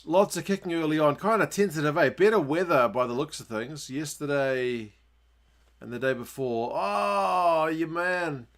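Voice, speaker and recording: A man with a New Zealand accent hosting a casual rugby watchalong stream, chatting with viewers and getting excited at big plays. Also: fairly high pitch, moderate pace. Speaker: livestream host.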